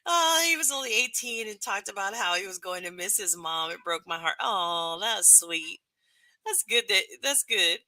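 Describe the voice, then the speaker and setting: A woman's voice: medium pitch, moderate pace, pushed and bright, dry recording. A woman streamer chatting casually with her live chat and reading comments aloud, laughing often between remarks. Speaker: livestreamer.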